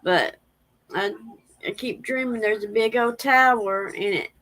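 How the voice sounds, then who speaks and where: A woman's voice: fairly high pitch, measured pace, a bit bright, poor audio. A woman, rambling in a casual livestream chat and reading viewer comments aloud. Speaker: livestream host.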